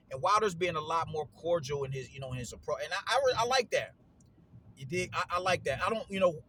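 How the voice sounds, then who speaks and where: A man talking through a boxing card in casual solo commentary, with a slightly higher voice than most men. His delivery is slangy and animated, full of repeats and fillers. A faint hiss of noise runs underneath.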